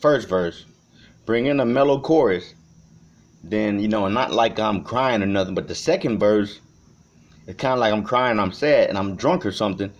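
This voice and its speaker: Low-voiced man rambling profanely, lo-fi. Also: normal speed. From Chicago. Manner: profane, rambling, swings between shouting and quiet reflection. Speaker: vlogger. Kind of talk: unscripted vlog monologue. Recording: dull lo-fi recording.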